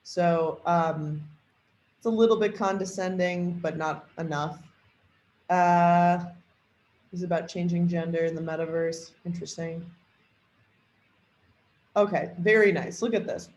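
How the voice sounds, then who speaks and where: A woman's voice: on the low side, a little slow, echoey room, slight background noise, low-quality recording. A woman giving a casual tutorial on tuning an AI character, thinking aloud with lots of fillers. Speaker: trainer demoing an AI character tool.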